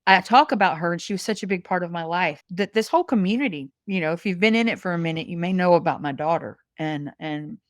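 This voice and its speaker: A massage industry rep in her fifties guests on a casual podcast, talking fast with few pauses in a low-leaning voice. Her manner is earnest and folksy, peppered with "honey," and the audio is dry and studio quality.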